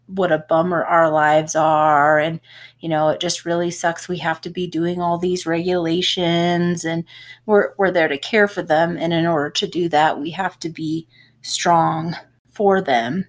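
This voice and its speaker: A woman's voice: lowish voice, little pitch movement, measured pace. A woman, a home health nurse, co-hosting a casual podcast and explaining at length with small laughs.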